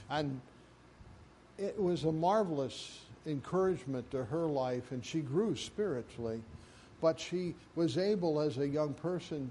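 A man's voice: fairly high pitch, darkish tone, slight background noise. A man preaching a sermon, emphatic, building up in volume on repeated phrases. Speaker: pastor.

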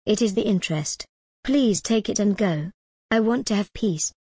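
A woman's voice: mid-range voice, expressive, normal speed, darkish tone, slightly rough, dry recording. A woman reading the lines of a guilt-ridden, nervous middle-aged man in a storybook, in a plain, close, dry voice. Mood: pleading. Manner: trembling, pleading.

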